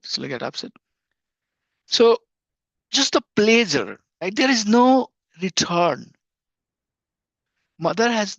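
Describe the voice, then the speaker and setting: A man's voice: sits high, gravelly, fairly bright tone, no room sound. A middle-aged man teaching a devotional class earnestly, repeating phrases for emphasis. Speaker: spiritual teacher. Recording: dull lo-fi dry recording.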